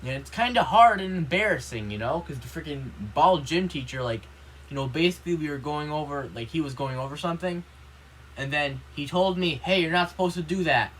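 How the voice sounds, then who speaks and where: Man, vlogger, rambling complaint, fillers everywhere, bright tense tone, faint ambience behind. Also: on the high side, lively intonation, fairly quick, a little hiss or hum, low-quality recording. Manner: rambling, full of "you know" and "like"; indignant, complaining. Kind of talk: casual monologue to camera.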